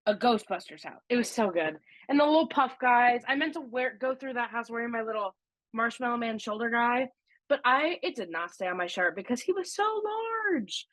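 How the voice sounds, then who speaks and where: A woman with a bright, high-set voice co-hosts a casual podcast, gushing excitedly as she tells her stories. Her voice is recorded close and dry, with no room sound. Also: moderate pace, no room sound. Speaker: podcast co-host. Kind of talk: casual podcast chat, ranking attractions.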